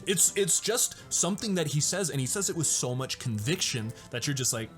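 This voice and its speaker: A man's voice: fairly high pitch, expressive, a little fast, faint music behind. A man hosting a casual movie breakdown, enthusiastic and chatty and often laughing as he retells scenes. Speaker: host of a movie breakdown show.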